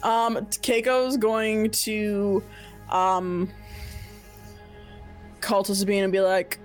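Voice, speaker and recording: A woman's voice: mid-range voice, level tone, very slow, soft background music. A woman playing a tabletop game, describing her character's actions with hesitant ums. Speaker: player.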